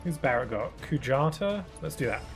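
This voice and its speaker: A man's voice: medium pitch, lively intonation, normal speed, vocal fry, soft background music. A British man who streams games, chatting casually with his viewers in a rambling way, restarting his sentences often. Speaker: game streamer. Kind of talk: casual live-stream chat while gaming.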